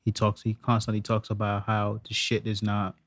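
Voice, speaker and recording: A man's voice: fairly low pitch, monotone, moderate pace, fairly bright tone, no room sound. A man co-hosting a podcast, telling stories loosely in casual chat. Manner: loose storytelling with frequent laughs. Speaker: podcast co-host.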